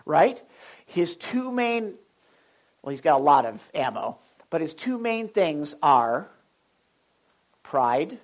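A male pastor preaching a sermon with animated storytelling and questions to the audience. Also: on the high side, slow pace, long pauses.

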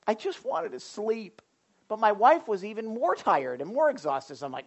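A man, a pastor preaching a sermon to a small group, moving between loud emphasis and quiet asides. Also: very high-pitched, very animated, a little fast, muffled recording.

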